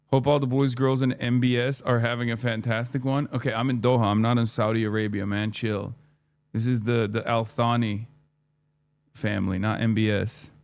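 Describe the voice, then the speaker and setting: A man in his thirties streaming, telling a casual story in a rambling, profane, animated way, quoting his own lines. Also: medium pitch, normal speed, long pauses, clear, resonant tone. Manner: rambling, profane, animated retelling with quoted dialogue.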